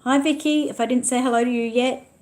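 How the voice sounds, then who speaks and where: A woman's voice: high voice, fairly even intonation, fast talker, a little mellow. Chatty Australian woman in an echoey room. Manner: chatty, reads viewer comments aloud. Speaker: livestream host. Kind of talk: casual livestream chat.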